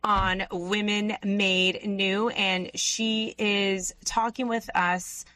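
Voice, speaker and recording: A woman's voice: medium pitch, little pitch movement, very slow, bright, forceful tone, low-quality recording. A woman hosting a faith-based interview show, earnestly probing and repeating her questions. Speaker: podcast host.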